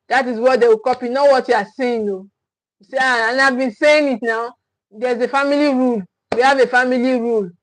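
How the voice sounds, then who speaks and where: On a livestream, a parenting coach with a high voice delivers an emphatic, repetitive talk, restating her key phrases to drive each point home. She frequently starts sentences over and keeps asking "okay?", and the audio is dry and close with no room echo.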